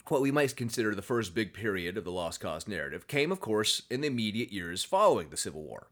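Brief: a sarcastic, animated male podcast host who swings his pitch widely. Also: fast talker, few pauses. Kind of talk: casual podcast chat.

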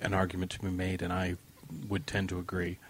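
A man with a fairly low voice chats on a podcast about television. He talks in stops and starts, with repeated words as he works through an argument. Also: monotone, brisk, breathy edge. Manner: hesitant, restarts when arguing a point. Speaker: podcast co-host. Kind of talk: casual chat.

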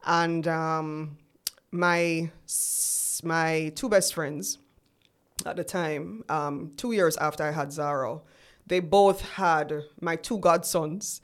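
A woman in her forties, an entrepreneur appearing as a guest on an interview show, tells her story chattily and acts out conversations she remembers. Her voice is low and steady, and she speaks slowly.

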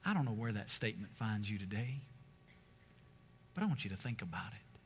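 A man's voice: lowish voice, very animated, brisk, slight background noise. A man preaching a sermon as pastor, with emphatic rises and strong stresses on key words. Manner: preaching with emphatic, rising delivery. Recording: long hall reverb.

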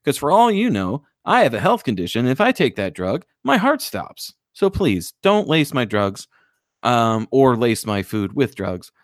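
A man co-hosting a casual podcast, telling wild stories with swearing and lively emphasis. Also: medium pitch, unhurried, dry recording, studio quality. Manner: profane, animated storyteller. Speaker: podcast co-host. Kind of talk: casual chat, storytelling.

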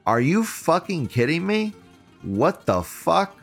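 A man hosting an online show, reading forum posts aloud and reacting with heavy swearing and sarcasm, moving between loud mockery and low muttering. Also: big pitch swings, slow, creaky, soft background music. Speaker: livestream show host.

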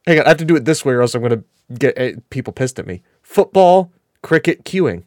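A man with a New England accent chats on a podcast. His pitch rises and falls in a lively way as he rambles and laughs at himself. The mic is close, with a dry sound. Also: fast, no room sound. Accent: New England American. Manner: rambling, laughing, self-deprecating. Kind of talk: casual chat.

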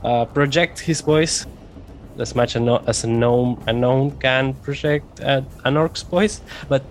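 A man's voice: mid-range voice, measured pace, slight background noise. A man playing a tabletop role-playing game, talking hesitantly with many restarts. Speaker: player. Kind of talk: casual tabletop play.

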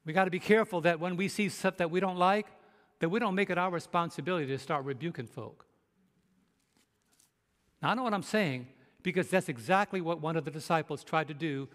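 A male pastor preaches a sermon in a high voice, pressing his points hard and throwing rhetorical questions at the congregation. His voice carries a long reverb from a large hall. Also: fairly bright tone.

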